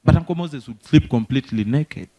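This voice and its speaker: A young Ugandan man from the north doing stand-up, telling animated stories and talking to the crowd. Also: mid-range voice. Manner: animated, quick storytelling with crowd asides. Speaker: stand-up comedian. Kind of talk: stand-up comedy storytelling.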